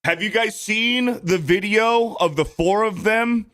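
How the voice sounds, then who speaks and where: A man's voice: sits high, unhurried, a bit bright. A man who is a guest on a podcast, delivering an angry, profane, emphatic rant in casual chat.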